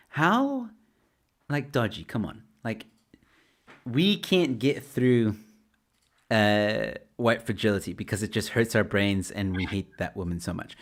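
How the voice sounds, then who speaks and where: A man hosting a casual online talk show who tells stories in a rambling way and laughs at his own points. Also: mid-range voice. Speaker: show host. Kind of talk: casual chat.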